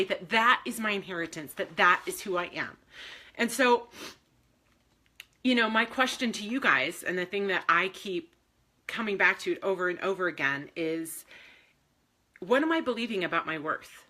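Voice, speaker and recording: A woman's voice: fairly high pitch, lively intonation, moderate pace, sharp tone. A woman speaking to viewers on a live stream about faith and self-worth, candid and emotional, swearing freely and often laughing. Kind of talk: casual live-stream talk.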